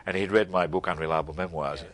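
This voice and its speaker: Deep voiced guy hosting an interview, chatty, tells little stories. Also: fairly even intonation, quick pace, fairly bright tone, no echo. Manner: anecdotal, conversational storytelling. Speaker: host interviewer. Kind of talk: interview conversation.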